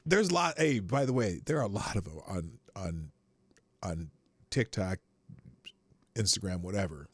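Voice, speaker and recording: A man hosting a live show, rambling through casual commentary with frequent swearing and sudden jumps in pitch. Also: expressive, normal speed, pauses often, slightly rough, dry recording.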